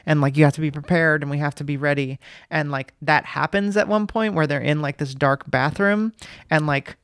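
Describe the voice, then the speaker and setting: Casual male podcast co-host, smooth higher voice, dry close sound, rambling and laughing often. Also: fairly even intonation, a little fast, a bit bright, no room sound. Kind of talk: casual chat about movies.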